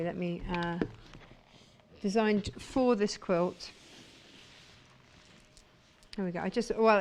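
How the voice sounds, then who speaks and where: A woman's voice: medium pitch, slight background noise. A woman presenting sewing products on a live shopping channel, talking with gushing enthusiasm. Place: TV studio.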